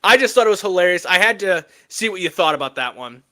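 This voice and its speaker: A man with a fairly high, bright voice opens and runs a casual sports podcast. He jokes and trash-talks with real emphasis, then moves on to the news. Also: fast talker. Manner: animated, joking, emphatic trash talk. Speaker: podcast co-host.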